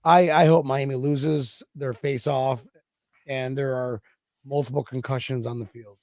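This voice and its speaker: A man co-hosting a casual sports chat, joking, swearing and breaking into loud bursts. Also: medium pitch, level tone, unhurried, dry recording. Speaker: podcast co-host. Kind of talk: casual group banter.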